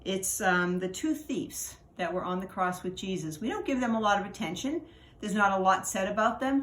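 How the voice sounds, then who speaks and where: A woman giving an informal devotional talk, reading scripture and reflecting in a conversational, halting way with fillers and restarts. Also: on the low side. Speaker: church leader giving a devotional. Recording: echoey room, faint background noise.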